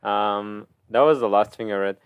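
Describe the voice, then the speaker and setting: A man's voice: fairly low pitch, moderate pace, smooth, dry recording, phone-quality sound. A man co-hosting a casual podcast, bantering in an easygoing, joking way. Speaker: podcast co-host. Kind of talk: casual chat.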